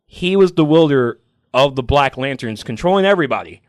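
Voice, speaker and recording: A man on a comic book podcast, chatting excitedly and emotionally, acting out scenes from the stories. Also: medium pitch, a little fast, no echo, clean studio sound. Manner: emotional, animated, acts out comic scenes in voices. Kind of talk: excited casual chat.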